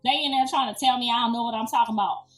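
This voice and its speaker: A middle-aged woman, a grandmother, telling a story in an animated, emphatic, slangy way with plenty of swearing. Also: on the high side, rapid-fire. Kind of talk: casual storytelling. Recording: echoey room, distant mic, faint music.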